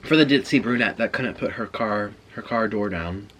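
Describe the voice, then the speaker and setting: A man's voice: fairly low pitch, moderate pace, background noise. A man vlogging, telling a chatty story in a casual way between bites of food. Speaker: mukbang vlogger. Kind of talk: casual storytelling while eating.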